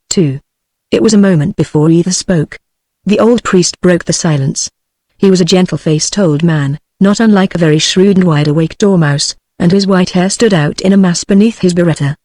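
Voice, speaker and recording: A text-to-speech woman's voice with a British English accent, reading a novel in an even, measured way. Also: on the low side, dry recording. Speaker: audiobook narrator.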